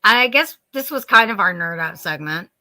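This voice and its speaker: A woman co-hosting a nerdy chat show, her voice bright and clear. She talks in a rambling, animated way, restarting her sentences as she tells stories. She sounds a little sleepy. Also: medium pitch, moderate pace. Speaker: podcast co-host. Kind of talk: casual chat.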